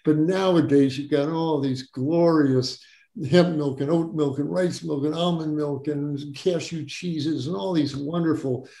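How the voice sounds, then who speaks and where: An older man speaks earnestly in a warm, mellow voice that sits a little high for a man. He keeps stressing his points by repeating words. The sound is roomy and echoey. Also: steady tone, measured pace. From Wisconsin, USA. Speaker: guest doctor. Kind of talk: interview storytelling.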